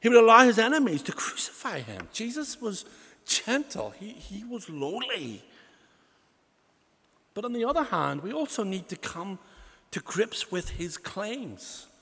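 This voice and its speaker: Male preacher, high and animated, lots of "you know", long hall echo. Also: breathy edge. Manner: rhetorical questions, frequent "you know" fillers. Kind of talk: sermon.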